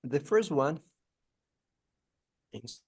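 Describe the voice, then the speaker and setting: A man's voice: a little high, expressive, extremely slow, husky, dry recording. A man giving a one-on-one English pronunciation lesson, explaining patiently and repeating example words, with frequent restarts. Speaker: English tutor.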